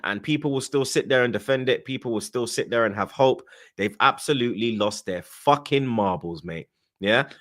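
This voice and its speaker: Young man, football podcast host, angry sweary rant, lowish voice. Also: a bit bright. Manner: angry, sweary, repeats "blood" and "you get me". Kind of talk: ranting casual chat.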